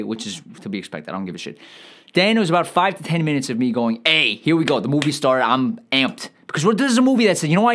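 Fast, lively profane man ranting. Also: medium pitch. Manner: profane, rambling, exasperated ranting. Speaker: comedic ranting reviewer. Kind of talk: comedic movie rant.

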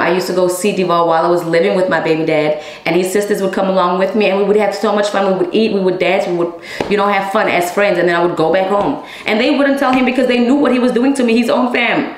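A woman telling a story in a casual monologue to her viewers, speaking bluntly, swearing heavily and calling them y'all. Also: lowish voice. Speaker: storyteller vlogger. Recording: echoey room.

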